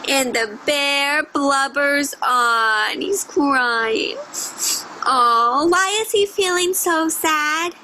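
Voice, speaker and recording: A teacher reading a picture book aloud to children, expressive and asking them questions. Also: female voice, high-pitched, very slow, slight background noise, rough recording. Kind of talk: read-aloud storytelling for children.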